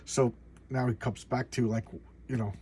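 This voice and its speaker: A man's voice: medium pitch, little pitch movement, moderate pace, darkish tone, slightly rough. A man casually recapping a comic book in a rambling, sarcastic way, with many restarts. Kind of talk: casual video commentary.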